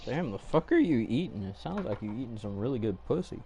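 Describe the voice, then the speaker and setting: A man's voice: mid-range voice, very animated, a little fast, dark tone, a little hiss or hum. Young man cracking crude gaming jokes. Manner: crude joking, laughs a lot. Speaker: streamer. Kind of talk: casual gaming chat with a friend.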